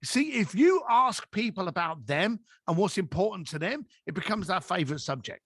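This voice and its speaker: A man guest on a podcast tells stories in a high, swooping voice and slips into little voices for the people he quotes. The sound is close and dry, with no room around it. He keeps the pace of an animated storyteller. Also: moderate pace, slightly rough, dry recording. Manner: acts out quoted dialogue with lively voices.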